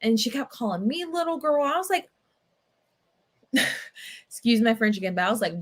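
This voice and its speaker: A woman's voice: a little high, sing-song, normal speed, pauses often. A young adult woman hosting a casual livestream, chatting and telling stories in a rambling way with many fillers. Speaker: livestream book-club host. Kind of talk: casual livestream chat and storytelling.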